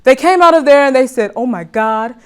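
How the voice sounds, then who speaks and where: A woman doing an impression of a blustering older male politician with a slow, boastful drawl. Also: sits high, animated, very noisy. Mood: bragging.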